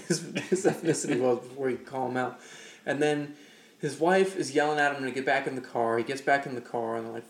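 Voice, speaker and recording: A man trades stories with his co-host in a loose, profane podcast chat. He gets animated and acts out the people in his stories. His voice sits at a middling pitch, and the room rings with noticeable echo. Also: normal speed. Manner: profane, animated anecdote-teller acting out quotes. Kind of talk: casual chat, storytelling. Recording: roomy echo.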